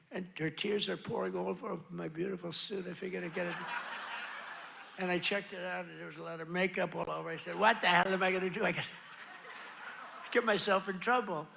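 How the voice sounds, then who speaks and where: A man's voice: high voice, vocal fry, sharp tone. An older man giving a rally speech, boastful and repetitive, wandering into rambling asides. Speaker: political speaker at a rally. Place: rally venue with crowd. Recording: rally sound with crowd noise.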